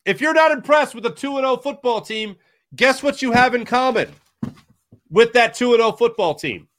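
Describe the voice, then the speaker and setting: A man co-hosting a casual sports talk show, animated and jokey, jumping between tangents. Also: extremely high pitch, moderate pace. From Philadelphia area. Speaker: sports radio co-host.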